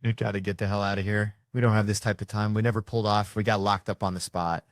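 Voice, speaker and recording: Guy doing stand-up, lowish voice, animated and swearing a lot, dry sound. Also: fast, no room sound. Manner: animated, profane, acts out characters. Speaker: stand-up comedian. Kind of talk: stand-up storytelling.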